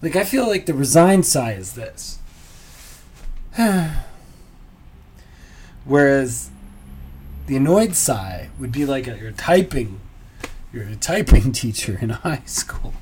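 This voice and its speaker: A man's voice: mid-range voice, big pitch swings, measured pace, darkish tone, slight background noise. A man hosting a solo comedy podcast, musing in a dry, self-mocking way with muttered asides. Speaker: podcast host.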